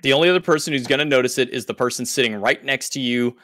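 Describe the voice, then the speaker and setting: A man's voice: medium pitch, fast talker, fairly bright tone, dry recording, studio quality. A man who works as an esports caster, explaining things in loose casual podcast talk with lots of filler words.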